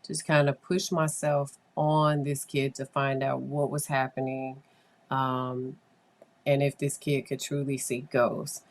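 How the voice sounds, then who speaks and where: A woman's voice: very deep voice, flat delivery, slow. A woman psychologist telling a casual, rambling story, with many fillers and acted-out quotes. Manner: conversational, rambling, with frequent fillers and quoted dialogue. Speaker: child psychologist.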